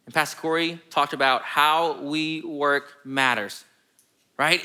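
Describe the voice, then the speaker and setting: Bright, clear-voiced young male pastor. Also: a little high, fairly even intonation, slow. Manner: friendly, chatty, often adds "right?". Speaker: college and young adult pastor. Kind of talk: sermon with personal story. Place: church sanctuary.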